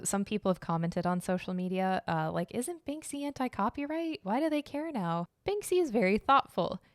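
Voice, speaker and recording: A woman's voice: medium pitch, darkish tone, no room sound, studio quality. A young woman hosting a casual solo art and history podcast, chatty and opinionated, with lots of fillers and asides. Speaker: podcast host.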